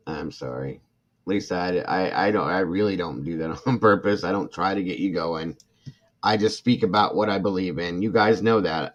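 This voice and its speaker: A middle-aged man hosting a true crime livestream, ranting with indignant passion, reading comments from chat and apologizing between outbursts. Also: low voice. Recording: dull lo-fi sound.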